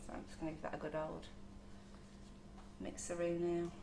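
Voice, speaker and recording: Woman, cake decorator, live demo, lower voice, echoey kitchen, faint background hum. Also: monotone, normal speed, gravelly, warm tone. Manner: chatty, measures colour ratios aloud. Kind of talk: live baking demonstration.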